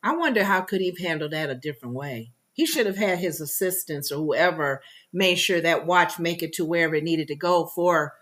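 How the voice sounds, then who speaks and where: A woman's voice: on the low side, expressive, brisk, few pauses, fairly bright tone. A woman co-hosting a casual talk show, chiming in with reactions and opinions. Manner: laughs often, chimes in with short reactions and opinions. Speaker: co-host. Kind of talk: casual chat.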